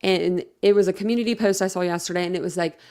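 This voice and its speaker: A woman's voice: on the low side, steady tone, fast, a little mellow. A woman hosting a casual livestream, rambling and chatting while reading viewer comments aloud. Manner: rambling, chatty, many fillers and self-corrections. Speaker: livestream host.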